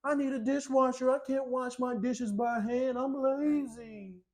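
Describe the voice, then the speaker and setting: A man's voice: very high-pitched, steady tone, unhurried, a little mellow, voice pushed up. A man voicing a lazy, whiny customer who complains about washing dishes by hand. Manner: pleading, complaining.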